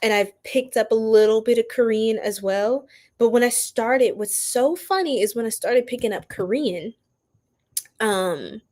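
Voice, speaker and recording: A woman's voice: on the high side, unhurried, a little mellow. A woman hosting a casual live stream, greeting viewers by name and laughing often. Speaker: tarot reader and live stream host.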